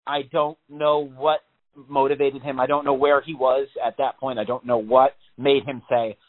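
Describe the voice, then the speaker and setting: A man's voice: medium pitch, level tone, moderate pace. A man telling a story in casual, rambling chat on a podcast, with lots of swearing. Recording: tinny phone-like sound.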